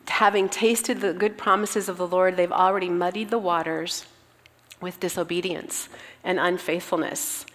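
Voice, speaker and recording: A woman's voice: on the low side, a bit bright. Earnest woman teaching in a reverberant hall. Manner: earnest, reflective teaching with read-aloud scripture. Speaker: Bible teacher. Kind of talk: sermon.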